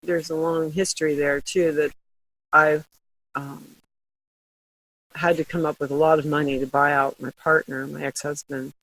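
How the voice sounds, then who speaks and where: A middle-aged woman telling stories in a casual interview, chatty and quick to laugh. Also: low-pitched, little pitch movement, a bit bright, poor audio. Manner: chatty storytelling, laughs often. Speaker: guest, glassware company founder.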